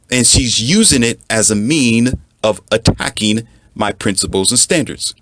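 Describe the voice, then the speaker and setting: A man's voice: mid-range voice, unhurried, a bit bright, dry recording. A man giving an emphatic, repetitive lecture as a relationship coach. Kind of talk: lecturing monologue.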